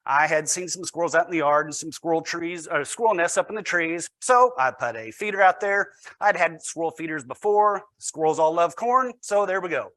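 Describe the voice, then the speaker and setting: A man's voice: a little high, expressive, normal speed, few pauses, sharp tone, dry recording. A man, a teacher, giving a storytelling presentation with wry, self-deprecating humor.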